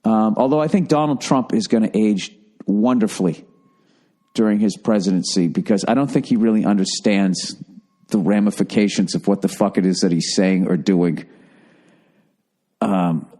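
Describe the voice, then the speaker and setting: A man's voice: fairly low pitch, expressive, moderate pace, mellow. Profane, ranting man in his forties. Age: 40s. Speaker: podcast host. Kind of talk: casual solo podcast monologue.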